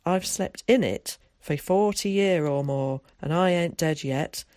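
A man's voice: on the high side, unhurried, darkish tone, no room sound, studio quality, natural voice. A narrator voicing an irritable old countryman who talks in a curt, blunt rural way. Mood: gruff. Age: older.

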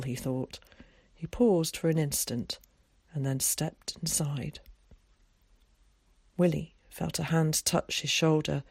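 Measured audiobook narrator, dry close sound. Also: mid-range voice, steady tone, darkish tone, dry recording. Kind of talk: scripted narration.

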